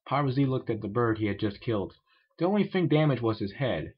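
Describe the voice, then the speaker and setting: A man's voice: mid-range voice, animated, brisk, husky. A man reading amateur fanfiction aloud with sarcastic asides. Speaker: fanfiction reader. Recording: muffled amateur home recording.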